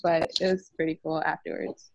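A woman's voice: deep voice, flat delivery, moderate pace, creaky. Curious young-sounding woman chatting. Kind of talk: casual chat.

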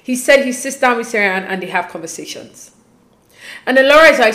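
A woman giving a casual, opinionated recap of a reality show, slipping quoted lines into her talk. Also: a little high. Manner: animated, quotes people in quick asides. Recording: echoey room.

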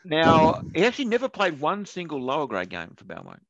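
A man's voice: fairly high pitch, wildly swooping pitch, brisk, creaky, fairly bright tone, no echo. Dry-witted man, dull lo-fi sound. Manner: storytelling, reading out player facts, dry teasing. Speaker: podcast co-host. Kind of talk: satirical sports podcast chat.

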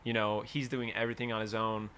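A man's voice: on the low side, level tone, fast talker, over a noisy crowd. A young man in a casual podcast chat, talking in a laid-back, rambling way full of fillers. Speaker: band member guest.

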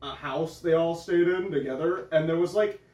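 A young man co-hosting a casual chat show, excitable, swearing often and laughing a lot. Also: fairly high pitch, moderate pace. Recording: echoey room, mic far off.

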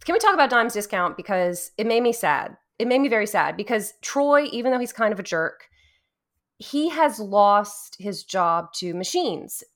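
A woman from Louisiana chats casually as a co-host, telling stories with plenty of animation. She laughs often and her voice sits at an ordinary middle pitch. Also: animated, normal speed. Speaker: podcast co-host. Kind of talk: casual chat about a video game.

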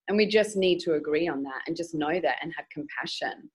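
A woman's voice: low-pitched, brisk, few pauses, darkish tone, breathy edge, low-quality recording. A woman speaking as a sex educator guest in a candid podcast interview, frank and emphatic as she tells stories.

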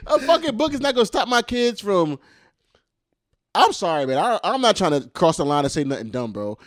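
Lively, emphatic man with a profane edge. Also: sits high, fairly quick, no room sound, studio quality. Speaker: podcast co-host. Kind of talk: casual chat.

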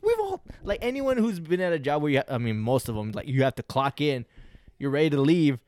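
A man's voice: fairly high pitch, big pitch swings, brisk, darkish tone, no echo. A young man co-hosting a podcast in casual chat, laid-back and swearing freely, acting out people's lines as he talks. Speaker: podcast co-host.

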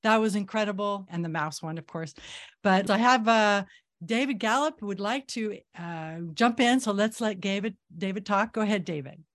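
Enthusiastic woman moderating a talk. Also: medium pitch. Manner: enthusiastic, quick praise. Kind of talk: hosting an online talk.

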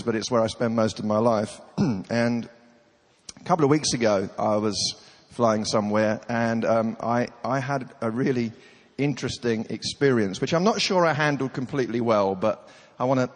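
Chatty male preacher with a cold, hall echo. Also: medium pitch. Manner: self-deprecating, chatty, dry humor. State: coughing, has a cold. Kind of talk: humorous sermon storytelling. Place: large hall with audience. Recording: reverberant hall.

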